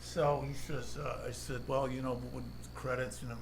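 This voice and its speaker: A man's voice: mid-range voice, little pitch movement, normal speed, background noise. A man from Boston with a Boston accent, telling comedy-club stories in a rambling, profane way that is full of "you know" and "like.". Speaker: comedian guest. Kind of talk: casual chat, storytelling.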